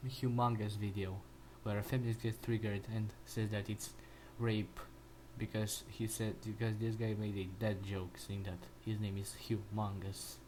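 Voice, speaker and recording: A man's voice: fairly low pitch, level tone, normal speed, hardly any pauses, background noise. A man ranting in a crude, mocking and rambling way while he comments on a video, often restarting his sentences. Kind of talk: profane reaction rant.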